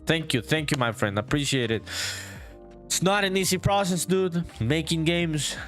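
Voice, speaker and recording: Young male indie dev on a live stream; relaxed, profane chat with viewers, voice a touch high, quiet music bed. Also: normal speed. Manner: profane, laid-back, reads chat aloud while working; calls viewers "dude". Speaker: solo indie game developer streaming live.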